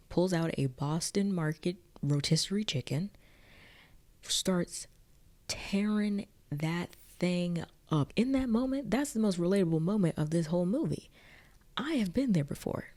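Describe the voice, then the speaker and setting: A woman with a very low, gravelly voice chats through a film recap in a loose, joking way. Her tone is dark and mellow, and "like" fills her sentences. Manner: chatty and jokey, lots of "like". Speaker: video essay host.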